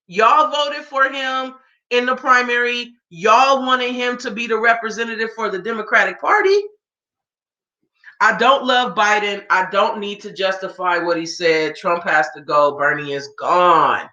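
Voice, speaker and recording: Slow, emphatic woman ranting in a roomy space. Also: on the high side, animated, pushed and bright, dull audio. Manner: emphatic, rhetorical questions, informal. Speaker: political commentator. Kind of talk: reaction commentary rant. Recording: roomy echo.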